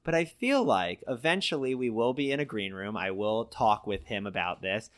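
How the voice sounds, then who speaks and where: A man's voice: on the low side, moderate pace, dry recording, studio quality. A man from Philadelphia, a comedian, telling stories in casual podcast chat and acting out the quotes. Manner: animated storyteller, acts out quotes. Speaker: comedian guest.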